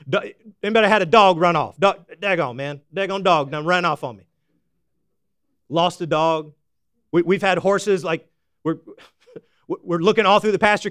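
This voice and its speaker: A man preaching a sermon, folksy and animated, swinging from loud exclamations to hushed emphasis. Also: a little high, smooth, dry recording, clean studio sound. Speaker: pastor.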